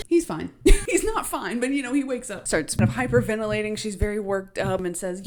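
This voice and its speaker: A woman's voice: mid-range voice, a little fast. Chatty young woman swearing through a recap. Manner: chatty, animated, swears freely, laughs often. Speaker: book recap vlogger. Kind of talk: casual story recap to camera.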